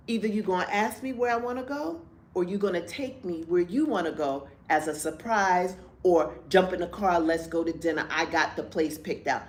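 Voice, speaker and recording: A woman's voice: lowish voice, moderate pace, darkish tone. A woman in her fifties co-hosting a candid chat show, telling a story with vivid acted-out quotes and blunt, profane language. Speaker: podcast co-host.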